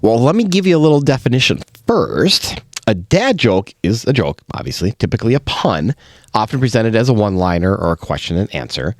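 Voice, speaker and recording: A man's voice: fairly low pitch, big pitch swings, a little fast, no echo, clean studio sound. A middle-aged man from Minnesota co-hosting a podcast, reading facts aloud and chuckling often. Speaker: podcast co-host. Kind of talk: casual chat and reading notes.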